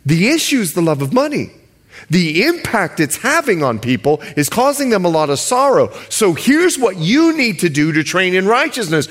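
A male pastor from the Bahamas preaching a sermon. He stretches key words slowly for emphasis and jokes with the congregation. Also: high-pitched, sing-song, fairly bright tone.

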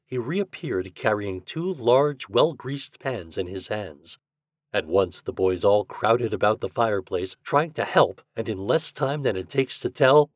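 Expressive man reading a storybook. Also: lowish voice, no echo, studio quality. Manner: expressive, acts out the characters. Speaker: podcast host and reader.

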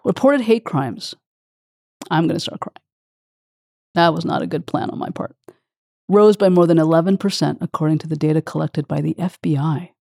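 A woman's voice: low voice, a little fast, gravelly, mellow, no echo, studio quality. A woman hosting an interview, openly emotional and affirming toward her guest. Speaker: host. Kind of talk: interview conversation.

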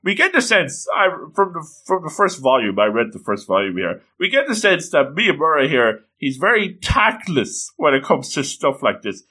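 A man reading a comic aloud with running commentary, his voice swooping widely in pitch. His tone is bright and forceful, gushing with repeated exclamations. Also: normal speed, hardly any pauses, breathy edge. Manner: animated, gushing, frequent exclamations. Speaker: comic reader and reviewer.

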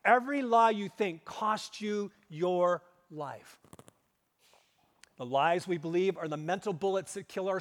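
A male pastor preaching a sermon, pressing hard on key words and then dropping to hushed, low asides. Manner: emphatic, swings between loud stresses and hushed low asides. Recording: long hall reverb.

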